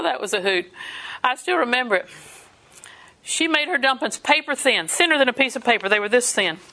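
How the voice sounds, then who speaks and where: An older woman delivers a sermon in a bright, forward voice. She mixes homely family stories with scripture and laughs easily as she talks. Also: medium pitch. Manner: folksy storytelling, laughs often. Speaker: preacher.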